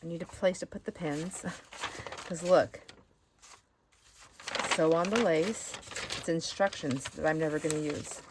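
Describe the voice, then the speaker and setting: A woman's voice: deep voice, steady tone, unhurried, pauses often, background noise. A woman hosting a casual show-and-share of thrift finds, chatty and rambling, easily sidetracked. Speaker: craft channel host.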